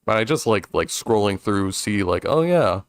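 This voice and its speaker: A man's voice: lowish voice, expressive, moderate pace, smooth, no room sound, clean studio sound. Rambling, chuckling streamer man. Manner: rambling, chuckling, many restarts. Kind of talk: casual let's-play chat.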